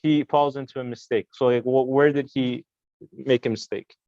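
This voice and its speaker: A man's voice: medium pitch, fairly even intonation, moderate pace, darkish tone, no echo, dull audio. A young man in a study discussion, thinking aloud in a searching way with many restarts. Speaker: student in a study session.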